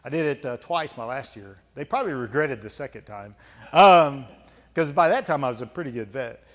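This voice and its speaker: A retired senior Army leader from the United States, in his fifties, tells candid stories during a lecture and audience Q&A. His medium-pitched voice is expressive, fairly quick and a bit bright, and he comes across as blunt, conversational and emphatic with folksy asides, his words carrying long reverb in a club lecture hall.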